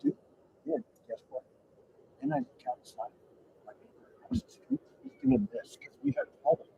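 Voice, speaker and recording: A man's voice: sits high, wildly swooping pitch, normal speed, creaky, dull audio, slight background noise. A man telling a rambling personal story in casual talk, profane and full of restarts.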